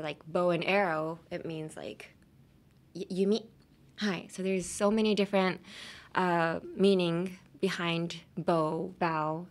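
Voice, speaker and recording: A young woman with a medium-pitched, slightly bright voice hosts a podcast where she teaches English pronunciation in a casual, playful style. She laughs a lot and switches between English and Japanese while talking into a camera.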